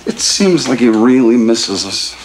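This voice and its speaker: An actor playing a middle-aged sitcom husband and father with a mild, gently wry manner. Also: medium pitch, sing-song, a little slow, very noisy. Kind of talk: 1980s sitcom acting. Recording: studio audience laughter track.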